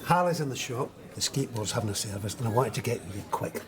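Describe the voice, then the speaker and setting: A man's voice: mid-range voice, expressive, quick pace, crowd noise. A middle-aged man in a scripted sitcom, confessing in a theatrical way.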